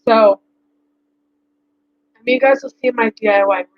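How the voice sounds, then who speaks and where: A woman's voice: fairly high pitch, normal speed, no echo. A woman, a mom vlogger in casual chat to the camera, rambling with lots of fillers. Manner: chatty, rambling with many fillers. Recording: dry, dull lo-fi sound.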